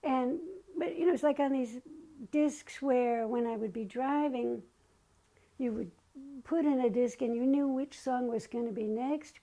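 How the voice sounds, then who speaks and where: An older woman, appearing as a guest, tells personal stories in a chatty way and often acts out what people said. Her high voice is unhurried with a dark tone, and the audio is poor.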